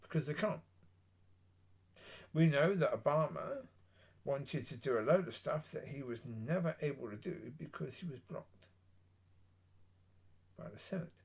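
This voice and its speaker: A man giving a blunt, opinionated solo monologue, rambling with pauses. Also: mid-range voice, animated, creaky, a little mellow, husky. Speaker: political commentator.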